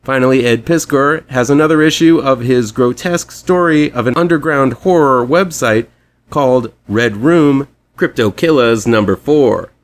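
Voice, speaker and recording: A man's voice: mid-range voice, normal speed. A man hosting a weekly horror comics show, reading a scripted rundown with chatty, fan-like enthusiasm.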